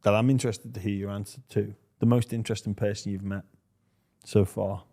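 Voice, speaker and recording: Quick-talking host, low voice. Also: male voice, little pitch movement, dark tone. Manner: friendly, brief interjections, quick questions. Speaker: podcast host. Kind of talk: casual interview.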